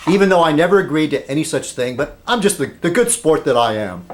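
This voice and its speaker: A man's voice: a little high, sing-song, normal speed, slight background noise. A man vlogging in a rambling casual monologue, meandering and interrupting himself, with dry humor.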